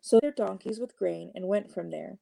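Creaky-voiced woman reading scripture. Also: mid-range voice, normal speed, warm tone. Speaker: Bible reader.

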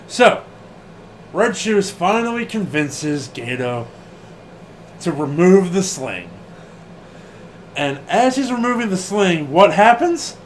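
A man with a high, lively voice talks slowly through a casual wrestling podcast. He laughs a lot, swears freely and acts out what people said. A faint hum of room noise sits behind him. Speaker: podcast co-host.

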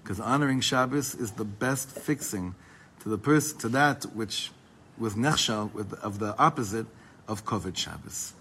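A man teaching a Torah class to a small group, quickly reading Hebrew passages and then explaining them in English in a lively way. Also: fairly low pitch, slight background noise, poor audio.

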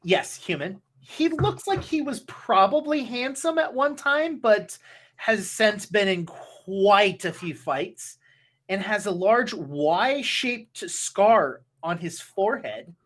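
A woman narrating a tabletop game as game master, halting with many restarts. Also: mid-range voice, expressive.

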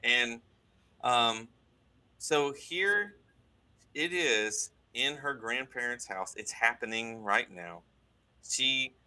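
A man telling a story in casual conversation, animated, with many restarts and asides. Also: mid-range voice. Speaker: guest recounting a deliverance.

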